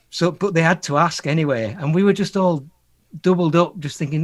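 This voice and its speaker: A man's voice: a little high, moderate pace. Male guest, storyteller energy, voices the quotes, laughs through it. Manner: animated storyteller, acts out quotes, laughs often. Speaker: guest musician. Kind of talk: anecdotal interview talk.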